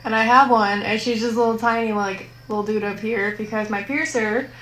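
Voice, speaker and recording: A woman's voice: on the high side, fairly even intonation, brisk, fairly bright tone. A woman chatting casually in a self-amused way in an echoey room with faint hiss. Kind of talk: casual social clip.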